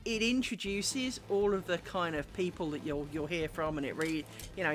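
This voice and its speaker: A woman chatting casually on a live craft stream, rambling through stories and muttering at herself as she works. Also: on the low side. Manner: mutters and scolds herself while working. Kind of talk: casual live-stream chat while working. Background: music playing.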